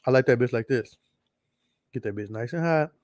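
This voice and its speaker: Dry and darkish in tone, this man's mid-range voice moves at a moderate pace. He hosts a podcast and spins a long, rambling, profane story, repeating himself as he goes in a casual monologue.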